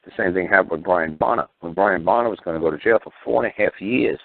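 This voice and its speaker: A man's voice: low-pitched, fast, creaky, no room sound. A man hosting a talk radio show, speaking bluntly and heatedly with profanity and stammering restarts. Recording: tinny phone-line radio audio.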